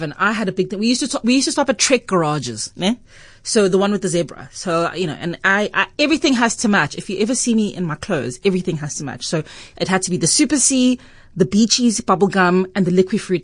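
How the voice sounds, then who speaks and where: A South African woman radio host telling a story in an animated way, acting out the voices in it and laughing often. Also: on the low side, no echo.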